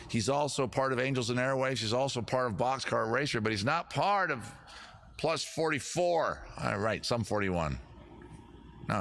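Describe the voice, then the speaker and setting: A man with a mid-range, slightly bright voice hosts a casual livestream quiz as a comedy show host. He rambles, tossing in jokey, self-deprecating asides.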